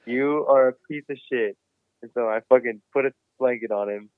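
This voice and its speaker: A man telling a wild story in a casual podcast chat, cursing freely and getting animated. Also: mid-range voice, moderate pace, no room sound. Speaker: podcast guest. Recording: dry, phone-like remote line.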